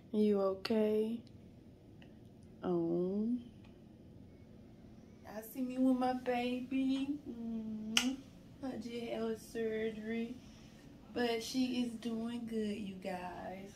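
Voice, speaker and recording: A woman's voice: on the high side, fairly even intonation, drawn-out words, pauses often, background noise. A mother vlogging from a hospital room, emotional and fighting back tears while soothing her child. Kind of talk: casual family vlog.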